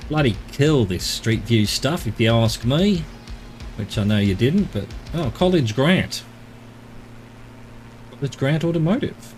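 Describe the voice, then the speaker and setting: A man's voice: medium pitch, lively intonation, a little slow, pauses often, a little mellow, faint music behind. Australian man musing aloud on stream. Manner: rambling, muttering to himself while exploring. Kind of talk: casual live-stream commentary.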